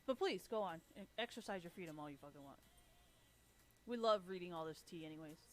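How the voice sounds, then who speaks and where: A woman's voice: on the low side, animated, fast. A young adult woman streamer ranting casually and bluntly, swearing heavily and laughing often. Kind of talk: casual profane rant.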